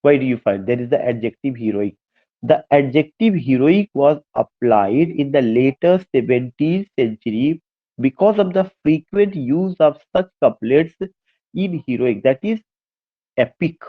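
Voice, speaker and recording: A man's voice: mid-range voice, animated, unhurried, phone-quality sound. A male literature teacher with an Indian English accent lecturing an online class, repeating points, asking rhetorical questions and mixing English with Hindi. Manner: switches between English and Hindi.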